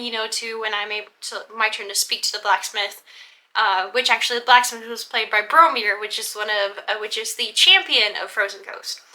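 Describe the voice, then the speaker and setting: A woman's voice: fairly high pitch, pushed and bright. A young woman casually recounting a role-play event, rambling with many fillers and restarts and acting out the quoted dialogue. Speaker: vlogger recounting a LARP event. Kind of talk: casual storytelling vlog narration.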